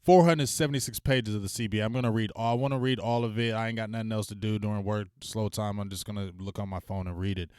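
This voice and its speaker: A man chats casually to his livestream audience, loose and slangy, breaking into loud shout-outs and venting. His voice is smooth and resonant. The sound is dry and close to the mic. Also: on the low side, fairly even intonation, fast, hardly any pauses, dry recording. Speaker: sports talk stream host.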